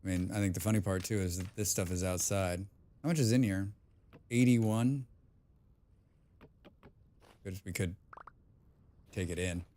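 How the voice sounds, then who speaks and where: A man's voice: low voice, a little slow, pauses often, warm tone. A man casually chatting on a game live stream, humming and mumbling nonsense sounds between remarks. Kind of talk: casual live-stream chat while playing.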